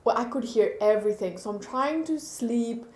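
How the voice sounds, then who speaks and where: A woman beauty vlogger chatting to camera, telling stories in a lively way at her desk. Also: on the high side, normal speed, reverberant. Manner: chatty, animated storytelling. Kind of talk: casual chat to camera. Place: indoor room at a desk.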